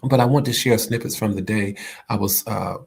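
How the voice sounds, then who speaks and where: A man's voice: lowish voice, normal speed, creaky, breathy edge. A middle-aged man hosting a live-streamed talk, greeting viewers and giving an inspirational lesson with many restarts and repeated phrases. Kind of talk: casual inspirational livestream talk. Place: indoors at a friend's home while traveling.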